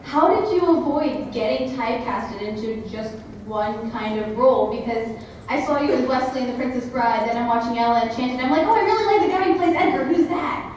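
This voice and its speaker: A woman's voice: a little high, fairly quick, darkish tone, slight background noise. A woman in a convention audience, an aspiring actor, asking a question eagerly and a little hesitantly. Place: convention panel hall. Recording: echoey hall, from far off, crowd.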